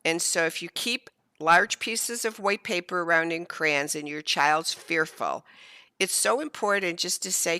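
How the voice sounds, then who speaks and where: Gravelly, bright-voiced woman in her fifties. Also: lowish voice, no echo. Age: 50s. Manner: animated, acts out quoted dialogue. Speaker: sleep educator guest. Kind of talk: casual interview storytelling.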